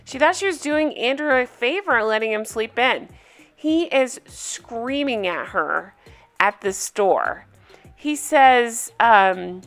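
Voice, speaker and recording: A woman's voice: fairly high pitch, lively intonation, unhurried, a bit bright, soft background music. Blunt, swearing woman recapping TV. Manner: blunt, emphatic, swears freely. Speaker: reality TV recap host. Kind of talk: casual video recap commentary.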